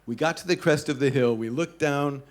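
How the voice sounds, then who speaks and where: A man giving a talk to an audience, telling a travel story with lively pacing and acting out the voices of people in it. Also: mid-range voice, moderate pace. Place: club event hall.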